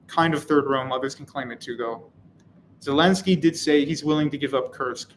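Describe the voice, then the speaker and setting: A man's voice: fairly high pitch, normal speed, a little hiss or hum, rough recording. A man hosting a live stream, reading chat comments and answering in a casual, wry, rambling way. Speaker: channel host.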